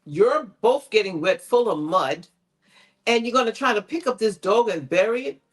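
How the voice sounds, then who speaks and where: A woman's voice: medium pitch, expressive, moderate pace. A woman co-hosting a TV recap chat, telling the story in an emphatic, exasperated way with lots of rhetorical questions. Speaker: co-host of a TV recap show. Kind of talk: animated casual recap chat.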